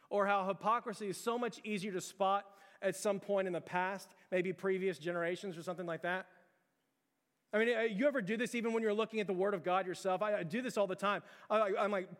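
A young pastor with a high, light voice preaches in a conversational, animated way, firing rhetorical questions at his church. His words ring out with a long reverb trailing through the sanctuary. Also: fairly quick. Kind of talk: sermon.

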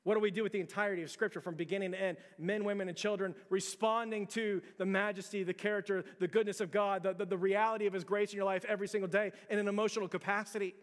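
A man in his thirties preaches in a casual, conversational way, restarting phrases and then rising to emphatic peaks. His voice sits fairly high for a man. The sound carries a long reverb from the church sanctuary. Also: level tone, fast talker, few pauses. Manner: conversational, repeats words, builds to emphatic peaks. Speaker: pastor. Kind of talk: sermon.

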